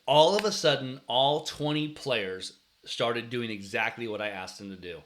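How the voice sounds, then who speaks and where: Earnest bright-voiced man coaching. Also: mid-range voice, expressive, normal speed. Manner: earnest storytelling, frequent restarts, acts out yelling at players. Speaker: youth sports coach and show host. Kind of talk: casual advice talk.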